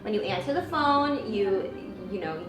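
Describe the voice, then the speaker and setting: A young American woman hosting a casual chat and telling stories in a lively way, acting out the voices of the people in them. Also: medium pitch, normal speed, over music. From United States. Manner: animated, acts out voices in her stories. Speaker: YouTube host. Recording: echoey room, mic at a distance, background noise.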